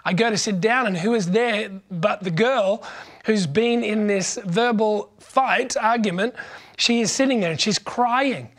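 A man preaches in a relaxed, joking storytelling way, his voice sitting notably high for a man. He restarts phrases often and keeps the tone conversational. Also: measured pace. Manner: conversational and humorous, frequent restarts. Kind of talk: sermon with personal storytelling.

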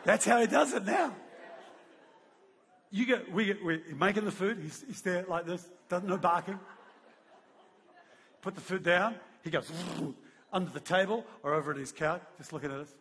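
A man preaching a sermon in a church hall, telling a story in an animated way and laughing as he goes. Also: sits high, normal speed, long pauses, slight background noise. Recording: long hall reverb.

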